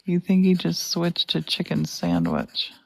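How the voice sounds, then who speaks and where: Slow-talking woman with a gravelly voice. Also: lowish voice, big pitch swings. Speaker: painting host. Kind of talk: casual chat while painting.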